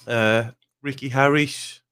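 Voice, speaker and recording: A man's voice: medium pitch, fairly even intonation, takes it slowly, a bit bright, clear, resonant tone. A young man, ranting angrily and swearing bluntly in a football fan vlog. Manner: angry, swears often, blunt.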